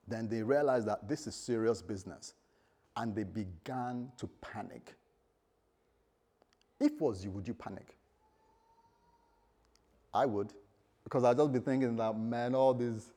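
A man's voice: mid-range voice, animated, measured pace, pauses often, a little mellow, husky. A male preacher giving a sermon, telling stories animatedly and acting out the voices of the people in them.

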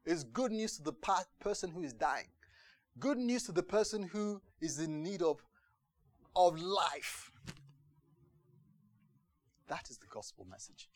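A man preaching a sermon in a lively, joking storytelling manner. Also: high-pitched, a little slow, long pauses, dry recording.

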